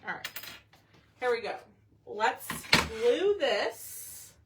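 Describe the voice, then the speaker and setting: A woman's voice: on the high side, very animated, very slow, very noisy. A woman hosting a casual craft tutorial livestream, chatting with her viewers and her pets while she works.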